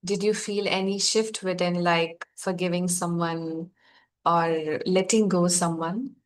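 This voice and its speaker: A woman facilitating a guided healing session, speaking softly, gently and encouragingly to her group. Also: fairly low pitch, fairly even intonation, takes it slowly.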